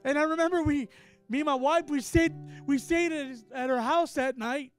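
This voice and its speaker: A middle-aged man preaches with a high, ringing voice, shifting between quiet storytelling and forceful, loud declarations. A gentle guitar plays faintly under his sermon. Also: fairly even intonation, moderate pace. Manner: swings from hushed storytelling to loud emphatic preaching.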